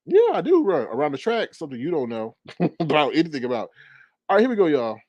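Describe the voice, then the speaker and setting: Sassy, animated man ranting into a phone. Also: quick pace, dry recording. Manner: animated, sassy, rises in pitch when riled. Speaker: commentary vlogger. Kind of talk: casual commentary rant.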